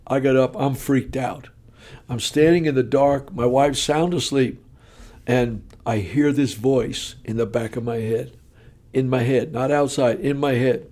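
A man giving his personal testimony from the pulpit, telling the story in a punchy, animated, folksy way. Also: mid-range voice, measured pace.

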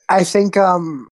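A woman's voice: medium pitch, dark tone. A woman running a tabletop game as game master, narrating in a chatty, apologetic way.

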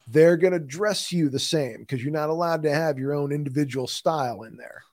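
A man's voice: fairly high pitch, a little mellow. A man with a Midwestern accent co-hosting a podcast, explaining things at length in a blunt, chatty way with some mild cursing. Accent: Midwestern American. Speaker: podcast co-host. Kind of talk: casual chat.

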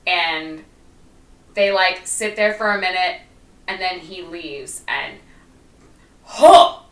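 A woman's voice: lowish voice, animated, takes it slowly, reverberant, recorded from a distance, rough recording. A woman who is a former teacher co-hosting a podcast in casual chat, with fillers and laughs. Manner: chatty, many fillers and laughs.

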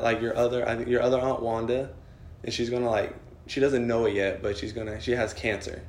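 A man's voice: medium pitch, level tone, a little fast, reverberant, soft background music. A young man telling a story in casual chat, rambling with lots of fillers and swearing. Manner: rambling, swears a lot, many "like" fillers, laughs while telling.

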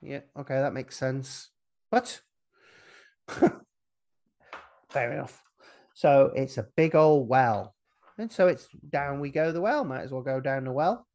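A man's voice: mid-range voice, unhurried, darkish tone. A man co-hosting a casual chat, retelling a film scene by scene in a rambling, jokey way, breaking into silly voices. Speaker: podcast co-host recapping a film.

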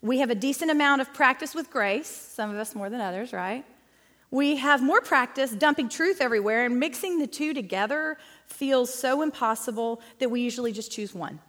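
High-voiced woman teaching in a church hall. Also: animated, moderate pace, a bit bright. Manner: chatty, emphatic, addresses audience as guys and y'all. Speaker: women's ministry speaker. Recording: long hall reverb.

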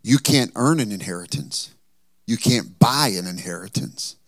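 A man's voice: on the low side, moderate pace, dry recording, clean studio sound. A man preaching a sermon as pastor, acting out the people in the story with humor. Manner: preaching with lively acted-out quotes and humor.

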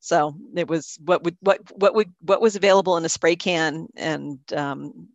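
Higher-pitched guy co-hosting a podcast, chatty and sweary, kinda dull dry mic. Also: fairly even intonation, normal speed, vocal fry, no room sound. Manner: chatty, swears, laughs easily. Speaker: podcast co-host. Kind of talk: casual chat.

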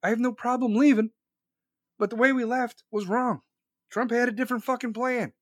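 A man's voice: very high-pitched, steady tone, normal speed, dry recording. A man in his forties ranting angrily and crudely, repeating himself for emphasis. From United States. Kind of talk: profane ranting monologue.

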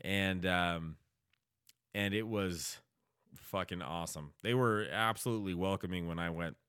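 A man's voice: low voice, measured pace, fairly bright tone, smooth, dry recording, clean studio sound. A man co-hosting a podcast, rambling and swearing freely in crude casual chat, laughing often. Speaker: podcast co-host.

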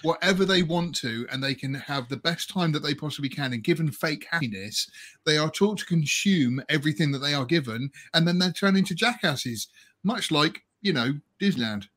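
Man, casual podcast chat, bright voice, slightly high, laughs a lot. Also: brisk. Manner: laughs often, animated storytelling. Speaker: podcast co-host reviewing films.

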